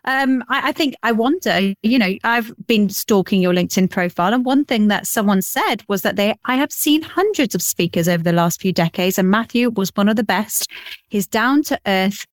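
A woman's voice: medium pitch, expressive, normal speed, dry recording. An English woman co-hosting a podcast, playful and teasing, hamming up her accent. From England. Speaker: podcast co-host, sales trainer. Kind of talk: casual podcast chat.

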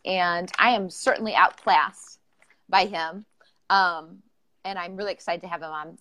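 A woman's voice: mid-range voice, bright, forceful tone. Bubbly chatty woman hosting a live podcast. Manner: bubbly, chatty, filler-heavy. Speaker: podcast host. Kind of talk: informal live-streamed interview.

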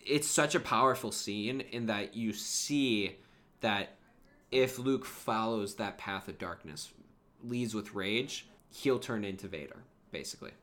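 Bright, eager male podcast co-host. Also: on the low side, measured pace. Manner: enthusiastic, acts out quotes from scenes. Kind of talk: casual fan podcast chat.

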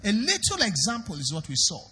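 Husky, high Nigerian pastor preaching. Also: male voice, wildly swooping pitch, a little fast, sharp tone, long reverb tail. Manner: emphatic, questions the congregation directly. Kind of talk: sermon.

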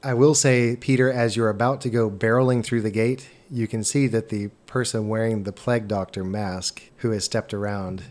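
Lowish male game master narrating. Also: fairly even intonation, normal speed, few pauses, a little mellow.

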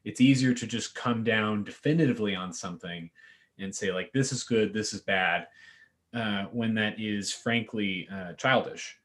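Low-voiced, thoughtful man co-host. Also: normal speed, a bit bright. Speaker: podcast co-host. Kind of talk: casual podcast chat.

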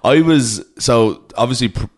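A man in his thirties with an Irish accent, co-hosting a casual podcast chat, a lively storyteller who laughs often and wanders off point. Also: medium pitch, moderate pace. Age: 30s. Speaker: podcast co-host.

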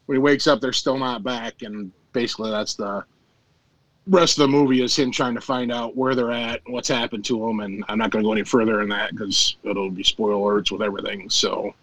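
A man's voice: on the low side, steady tone, brisk, fairly bright tone, dry recording, low-quality recording. A man hosting a podcast over a remote call, recapping a movie in a rambling, laid-back way with crude jokes and many fillers. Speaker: podcast host.

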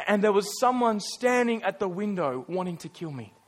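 A man voicing his young son in a sermon, shaken and halting as the boy tells of a nightmare. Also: high voice, very animated. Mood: frightened.

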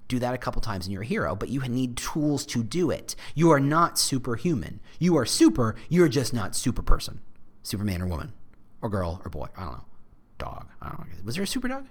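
A man's voice: medium pitch, a little fast. A man hosting a podcast, chatty and direct, with plenty of playful asides. His voice swings widely up and down as he talks. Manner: animated, jokey asides, speaks directly to listeners. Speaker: podcast host. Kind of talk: casual solo podcast monologue.

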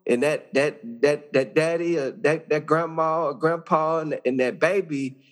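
A man's voice: a little high, steady tone, unhurried. A man who serves as a judge, speaking as a podcast guest. He talks earnestly and conversationally, often repeating words and restarting phrases as he builds an idea.

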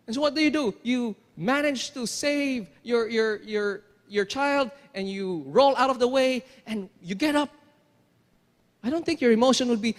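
A man with a very high voice preaches a sermon at a moderate pace in a large hall that gives a long, ringing reverb. He is emphatic, circles back on his own phrases and keeps putting rhetorical questions to the congregation.

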